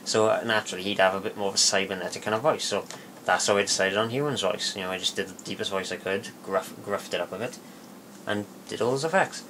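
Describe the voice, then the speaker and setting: A man giving a casual spoken tutorial, rambling and halting with many fillers and restarts. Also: lowish voice, noisy background. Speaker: video tutorial maker.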